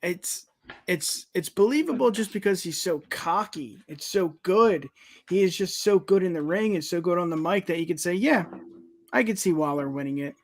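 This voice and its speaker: Slightly high-voiced male podcast host. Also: normal speed. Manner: hype-man, energetic sign-offs. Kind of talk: casual wrestling podcast chat.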